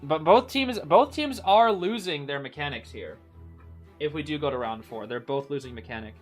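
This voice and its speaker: Excitable man reacting to a match. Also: a little high, normal speed, soft background music. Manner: excitable, reactive, says "bro" often, restarts sentences. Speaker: streamer co-watching an esports final. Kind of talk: casual live watch-along commentary.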